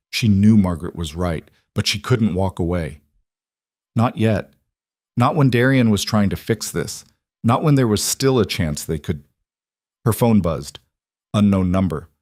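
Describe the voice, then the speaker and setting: Low-voiced man narrating a crime story. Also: darkish tone, dry recording, clean studio sound. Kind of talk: dramatic audiobook narration.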